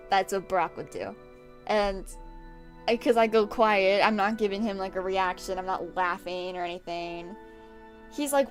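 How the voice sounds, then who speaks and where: A young woman streamer casually telling work stories to her chat while drawing, animated, laughing often and acting out what people said. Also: mid-range voice, a little slow, soft background music.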